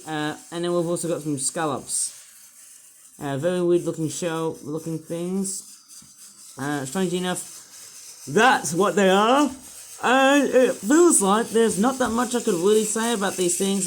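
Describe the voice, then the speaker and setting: A man's voice: a little high, poor audio. A man reviewing toy figures and rambling with puns and fillers as he unboxes them. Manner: rambling, punning, full of fillers. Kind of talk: unboxing commentary.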